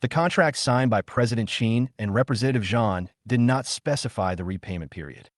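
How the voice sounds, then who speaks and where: A man's voice: medium pitch, fairly quick, no echo, studio quality, natural voice. A man voicing a cold, businesslike woman executive who speaks in a curt, formal, matter-of-fact way in a story recap.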